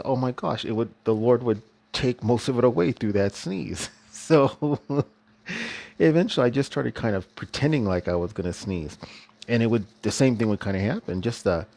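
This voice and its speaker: A man talking in a loose, rambling religious vlog monologue, chuckling often as he goes. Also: mid-range voice. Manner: loose, rambling delivery with frequent restarts. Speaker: vlogger.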